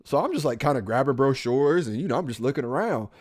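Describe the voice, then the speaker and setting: A man's voice: mid-range voice, fast. A man co-hosting a podcast, a police officer telling a personal story in casual talk and acting out the voices of the people in it. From Central Ohio. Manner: animated, acts out quoted dialogue.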